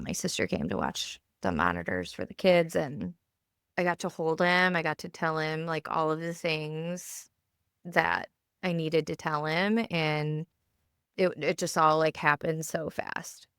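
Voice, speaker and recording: A woman in her thirties speaks in a low voice, chatting casually as a podcast co-host. She talks haltingly, restarting sentences and leaning on fillers. The sound is dry and close, with no room echo. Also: a bit bright, clean tone. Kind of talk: casual chat. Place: home basement.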